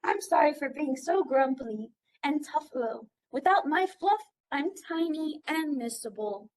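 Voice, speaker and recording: A woman's voice: high voice, animated, a little slow, voice pushed up. A woman voicing a grumpy male buffalo in a picture book, blustery and insisting he is tough. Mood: sniffly.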